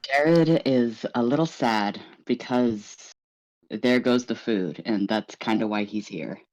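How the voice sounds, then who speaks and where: A man playing a tabletop game, describing his shy character in a hesitant, halting way. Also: medium pitch, darkish tone, no room sound, poor audio. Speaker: player.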